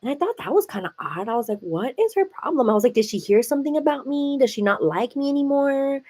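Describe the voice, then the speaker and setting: A woman's voice: high-pitched, fast. Chatty woman telling a story on a live stream. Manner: chatty, animated, heavy use of "like". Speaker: livestream host. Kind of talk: casual storytime chat. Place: at home, seated.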